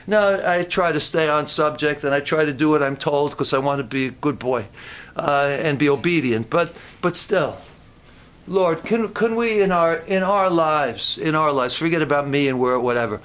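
A man preaching at a camp meeting, talking straight to the congregation with self-mocking humor and climbing to near-shouts when impassioned. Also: on the high side, moderate pace. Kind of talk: sermon.

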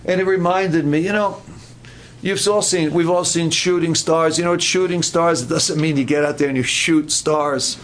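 A man's voice: on the high side, fairly even intonation, normal speed, a little hiss or hum. A man preaching a sermon at a camp meeting, earnest and given to repeating his words.

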